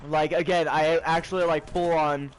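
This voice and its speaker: A teenage boy chatting casually to his vlog audience, tired and rambling, with excitable bursts. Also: on the high side, normal speed, background noise. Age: teens. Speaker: high school student vlogger.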